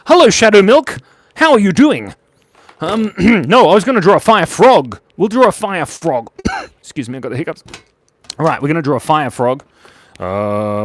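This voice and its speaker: A man hosting a live drawing stream for kids, talking in a playful, silly, chatty way as he draws. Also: mid-range voice. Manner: playful, silly and chatty, with giggles and little voices. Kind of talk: casual live drawing commentary.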